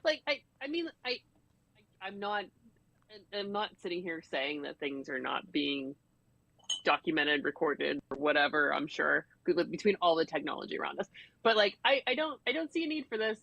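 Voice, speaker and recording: A woman's voice: sits low, lively intonation, moderate pace, vocal fry, a bit bright, dry recording, lo-fi sound. A woman co-hosting a casual tech podcast, speaking hesitantly in short replies and laughing often. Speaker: co-host. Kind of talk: casual chat.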